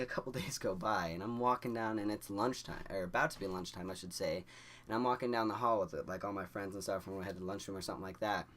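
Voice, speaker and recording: A man's voice: fairly low pitch, slight background noise. A young man telling a story to camera in a casual, rambling way, full of "like" fillers and restarts. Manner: animated, laughing through the story. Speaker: vlogger.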